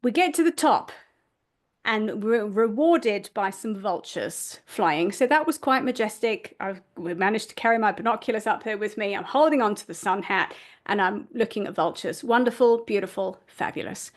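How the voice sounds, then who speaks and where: A woman's voice: mid-range voice, lively intonation, moderate pace. A woman podcast host telling a story in a self-deprecating way, laughing at herself. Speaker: podcast host and family constellations facilitator. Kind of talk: storytelling monologue.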